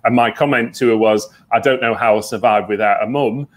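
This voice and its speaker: A man, a psychic medium guest, telling stories earnestly in a relaxed interview, with many fillers. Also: medium pitch, a little fast. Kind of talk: conversational interview.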